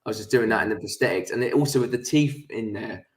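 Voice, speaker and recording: A young man talks casually as a guest in an interview over a video call, laughing a lot and swearing freely. His voice sits fairly low and he speaks quickly. The room he's in sounds echoey.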